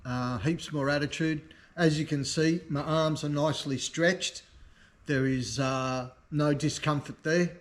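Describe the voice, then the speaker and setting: A man hosts a casual vlog showcasing products from his motorcycle parts shop, talking like a salesman in an enthusiastic, easygoing way. His voice is on the high side, steady, and unhurried.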